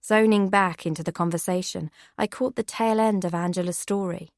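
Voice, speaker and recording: A woman giving steady, measured first-person audiobook narration. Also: fairly low pitch, dry recording, clean studio sound.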